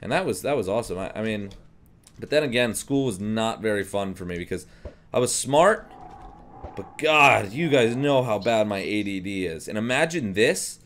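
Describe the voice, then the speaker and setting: A young man casually commenting on a video game, rambling and jokey with frequent restarts. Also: mid-range voice. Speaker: gameplay commentator.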